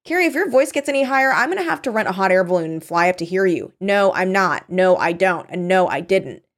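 A woman's voice: medium pitch, animated, fast, natural voice. A woman voicing a sassy, sarcastic teenage girl with a mock-snooty manner, reading aloud from a novel.

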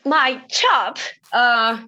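Giggly guest with a bright voice. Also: female voice, a little high, drawn-out words, highs cut off. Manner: giggly, candid. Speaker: guest correspondent. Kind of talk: casual chat.

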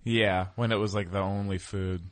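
A studio guest, a man with a fairly low voice. He chats casually and drops short, dry quips into the banter. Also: level tone, normal speed.

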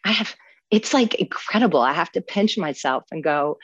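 A woman in her fifties from New Orleans, USA, shares her recovery story as an emotional personal testimony, heartfelt and tearful yet joyful, laughing often. Her lowish voice is animated at a moderate pace, fairly bright with a breathy edge. The audio has no room sound and is dull.

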